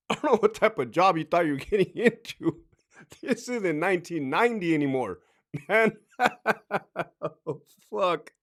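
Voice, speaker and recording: A man's voice: high voice, expressive, unhurried, pauses often, a bit bright. A middle-aged man and former corrections officer giving blunt, profane advice in a casual monologue. He laughs often and acts out other people's lines.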